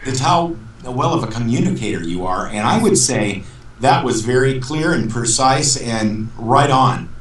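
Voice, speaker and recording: A man guesting on a live talk show as a professional auctioneer, chatting easily with dry humor and breaking into a rapid auction chant. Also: mid-range voice, expressive, a bit bright. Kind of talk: casual interview chat with auction chant. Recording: roomy sound, distant mic, faint noise.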